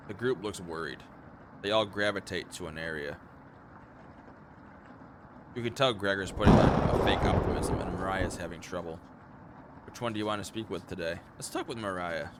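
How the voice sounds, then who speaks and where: A man streaming a horror visual novel, reading its text aloud and breaking off into sarcastic, profane commentary, with game music playing behind him. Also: low voice. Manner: sarcastic, swears often.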